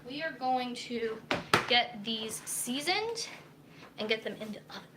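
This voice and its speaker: Her fairly high voice is very animated, though she takes things slowly, and heavy background noise surrounds her. Cooking in her home kitchen for a live stream, the young dietitian chats and rambles with many fillers into a camera mic.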